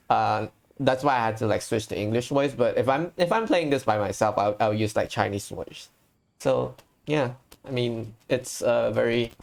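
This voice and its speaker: A young adult game streamer giving casual reaction commentary, rambling with many restarts and stammered repeats, joking and self-mocking. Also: medium pitch.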